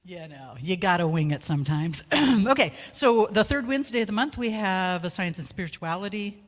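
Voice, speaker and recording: A woman's voice: fairly low pitch, lively intonation, moderate pace, big-room sound. A woman giving church announcements as volunteer coordinator, chatty and joking, often correcting herself.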